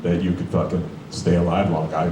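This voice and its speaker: He's a Brooklyn-born comedian in his 40s, performing for a live club audience in a deep, brisk voice with little pitch movement. His routine is profane and conversational, loaded with rhetorical asides, heard through a far mic in an echoey room with background noise and laughter.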